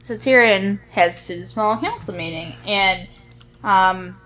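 A woman co-hosting a casual podcast, talking fast and acting out characters as she retells scenes. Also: medium pitch, crowd noise. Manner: animated, quick to act out characters. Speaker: podcast co-host. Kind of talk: casual recap chat.

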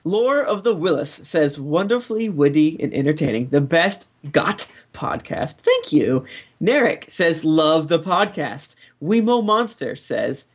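Lively man reading listener reviews. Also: a little high, measured pace, husky. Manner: lively, reading names in a playful drawl. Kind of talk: casual podcast banter.

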